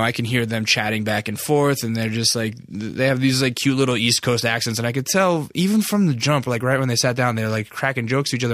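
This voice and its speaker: A young man tells a long story in a loose, rambling way, full of swearing and "like" fillers. His voice sits at an ordinary mid pitch. The sound is dry and close, with no room echo. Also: fairly bright tone. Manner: rambling, profane, lots of "like" fillers. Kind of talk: casual storytelling.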